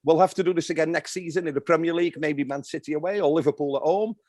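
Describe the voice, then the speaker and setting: A man's voice: a little high, fast talker, a little mellow, dry recording, clean studio sound. A man hosting a podcast, wrapping up with thanks and sponsor mentions, with many ums. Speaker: podcast host.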